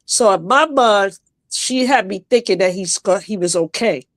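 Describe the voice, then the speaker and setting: Speaking over a video call from home, a woman appears as a guest on a live stream to share an emotional personal story. Her voice is medium in pitch, and she halts and starts again as she talks. There's no echo.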